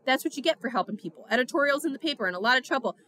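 A woman reading aloud gives voice to a hot-headed teenage gang boy. He talks loud and rough, full of street slang, with a bright, cutting edge on the voice. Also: high-pitched, lively intonation, rapid-fire. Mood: raving. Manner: loud, tough-talking slang. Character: brash, volatile teenage boy gang tough.

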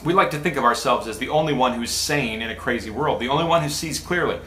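A man's voice: mid-range voice, fast, pushed and bright. A man pastor giving a casual, conversational sermon with many restarts and asides. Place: church sanctuary. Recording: echoey church room.

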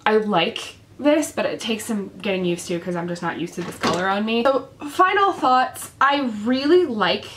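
A woman's voice: medium pitch, expressive, moderate pace, hardly any pauses, fairly bright tone, slight background noise. A young woman talks straight to the camera about makeup in a chatty, casual way. Her voice is worn and sick, and she leans on plenty of ums and likes as she goes. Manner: chatty with many fillers. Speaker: beauty vlogger. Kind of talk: casual product review.

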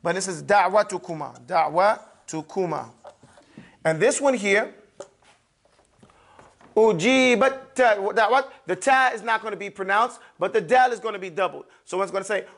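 A man with a fairly high voice leads a classroom lesson on Quran recitation. He drills each sound slowly and repeats it several times. He often stops to check that his listeners are following. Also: animated, a bit bright.

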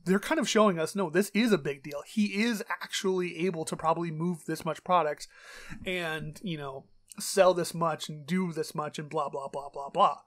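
A man co-hosting a podcast in casual chat, rambling and animated, with lots of fillers and swearing. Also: on the high side, moderate pace. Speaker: podcast co-host.

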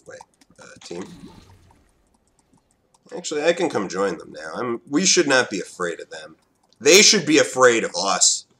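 A young man giving live gameplay commentary, excitable, swinging between loud outbursts and low mutters. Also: moderate pace, pauses often. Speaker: gaming commentator.

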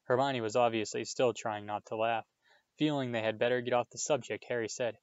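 A man's voice: mid-range voice, steady tone, brisk, no room sound, muffled recording. A man reading a children's novel aloud, plain storytelling that lifts for the dialogue. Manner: plain storytelling with small restarts, lifting his voice for dialogue. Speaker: audiobook reader.

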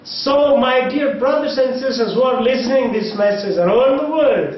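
A man's voice: extremely high pitch, moderate pace. A man with an Indian accent preaching a sermon, telling a story earnestly and dramatically, with lots of repetition. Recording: echoey, distant, dull.

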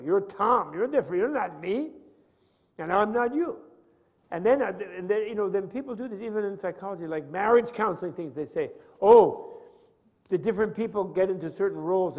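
Heard through a hall's long reverb, an older man talks about Buddhist philosophy in a high, somewhat mellow voice. He's rambling and conversational, often stopping to ask his students questions.

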